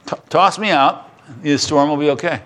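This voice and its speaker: A man preaching a sermon, retelling a Bible story with animated storytelling and acted-out voices. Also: fairly high pitch, normal speed. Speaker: pastor.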